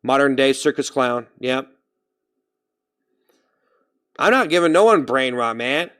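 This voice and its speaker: Brief: young male streamer, smooth clear voice, middle pitch, loose rambling chat. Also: expressive, normal speed, fairly bright tone. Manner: rambling, thinks aloud about his own speaking voice. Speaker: live streamer. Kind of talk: casual livestream chat.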